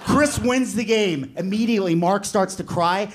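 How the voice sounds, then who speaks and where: A man doing stand-up comedy and telling a story, swinging from low asides to loud bursts. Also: normal speed.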